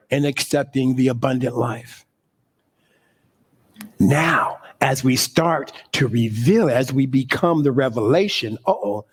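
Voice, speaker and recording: A middle-aged man preaches with a high, lively voice, laughing easily and stressing his points the way a pulpit speaker does. It is a spirited sermon delivered to a room full of listeners. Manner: animated, laughing often, preacherly emphasis.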